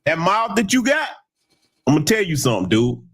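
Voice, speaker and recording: A man hosting a heated commentary broadcast, talking in an emphatic, taunting, loud way. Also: fairly high pitch, big pitch swings, fairly quick. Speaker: host.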